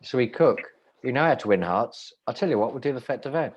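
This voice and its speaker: A man's voice: mid-range voice, animated, fast, lo-fi sound. A man, a restaurant owner, telling wry rambling stories in casual chat, often breaking off and restarting. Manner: rambling, self-interrupting, wry.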